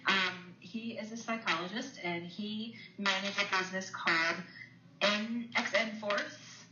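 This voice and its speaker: A woman's voice: mid-range voice, steady tone, measured pace. A woman interviewing a guest on a radio show, introducing him with enthusiasm. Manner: enthusiastic, warm. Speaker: co-host and interviewer. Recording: echoey, muffled, noisy line.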